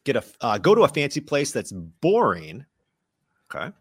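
A man's voice: mid-range voice, huge pitch swings, moderate pace, breathy edge. A man co-hosting a casual podcast chat, mostly reacting with short, easygoing remarks. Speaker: podcast co-host.

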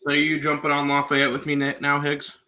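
Loud exasperated man, a bit off mic. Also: fairly high pitch, monotone, brisk. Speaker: co-host. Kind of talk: casual sports betting talk.

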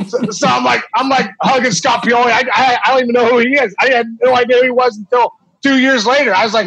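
A man in his forties, a former baseball player, telling a story in casual, animated talk with many fillers and restarts. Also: very high-pitched, fairly quick, breathy edge, poor audio.

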